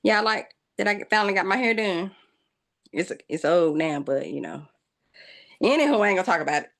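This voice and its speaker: A woman with a fairly low, somewhat bright, creaky voice speaks fairly quickly and expressively. She hosts a craft channel, chatting casually and playfully in vlog style, teasing viewers with mock drama. Her speech is colloquial, and she calls her audience "y'all."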